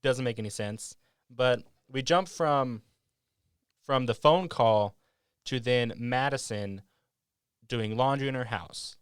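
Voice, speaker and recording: A man's voice: medium pitch, takes it slowly, pauses often, clear, resonant tone, dry recording, clean studio sound. A man hosting a podcast, casually retelling a movie scene by scene in a rambling way. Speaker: podcast host.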